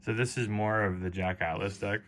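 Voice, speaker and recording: A chatty, playful man walks his wife through a card game with loose comparisons. His voice sits low but comes across bright and forceful. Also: fairly even intonation, a little fast, a little hiss or hum. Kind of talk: casual explanation at a table.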